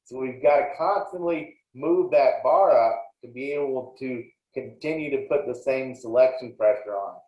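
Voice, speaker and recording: A man's voice: mid-range voice, moderate pace, few pauses. Man giving a roomy lo-fi lecture. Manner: plainspoken and explanatory, with frequent small restarts. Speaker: dairy extension lecturer. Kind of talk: recorded slide lecture. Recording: roomy, dull lo-fi sound.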